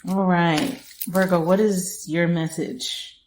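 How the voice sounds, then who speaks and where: A woman's voice: on the low side, steady tone, takes it slowly, a little mellow, slight background noise. A woman hosting a podcast, giving a casual tarot reading and talking straight to the listener, laughing often. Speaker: podcast host, tarot reader. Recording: echoey room.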